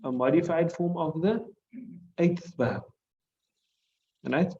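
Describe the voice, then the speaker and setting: On lo-fi sound, a man with a high-ish, dark voice speaks at a slow pace. He's an Islamic studies teacher with a South African accent, patiently explaining hadith and Arabic grammar, going over key points again and checking in with "right?".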